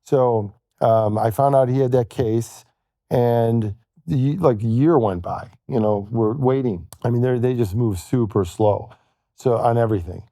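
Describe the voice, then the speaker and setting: A man telling a long personal story as a podcast guest, halting and quoting what others said to him. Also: mid-range voice, warm tone, dry recording, studio quality. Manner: halting, retells events with quoted dialogue. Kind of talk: storytelling in conversation.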